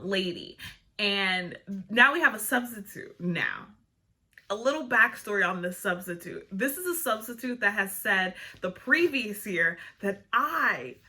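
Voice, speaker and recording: A young woman vlogger telling a casual storytime, animated and full of "like" fillers. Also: mid-range voice. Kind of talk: storytime vlog, casual chat.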